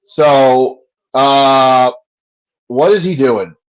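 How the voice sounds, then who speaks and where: A man's voice: mid-range voice, very slow, highs cut off. A man giving casual play-by-play commentary on a fan livestream, profane and frustrated, ranting between plays.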